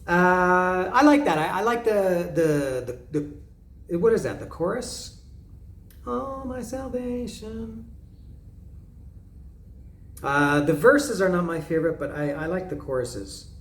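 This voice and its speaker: A man's voice: a little high, sing-song, moderate pace, echoey room. A man hosting a casual album review, musing with many hesitations and humming bits of melodies. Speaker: podcast host reviewing an album. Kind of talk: casual solo commentary.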